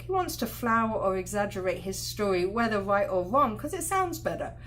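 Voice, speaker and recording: Woman teaching a marriage class, animated, throws in loud acted-out quotes, mid-pitched voice. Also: a little fast, few pauses, a little hiss or hum. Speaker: marriage and family educator.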